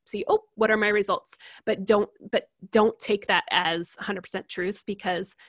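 A woman guest explaining personality types in a casual interview, animated and laughing often as she acts out examples. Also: medium pitch, dry recording, studio quality. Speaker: certified personality type coach, guest.

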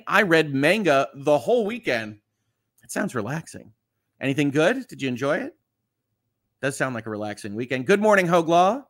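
A man's voice: mid-range voice, fairly bright tone, no echo, clean studio sound. A man who is a lawyer, hosting a casual live stream and reading viewer comments aloud in a chatty way, with lots of fillers. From Southeast Michigan.

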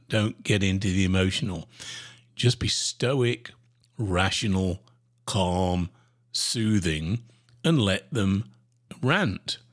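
A man hosting a podcast, giving sales advice in an animated, emphatic coaching manner with sudden pitch jumps. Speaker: sales trainer podcast host. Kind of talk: solo podcast talk.

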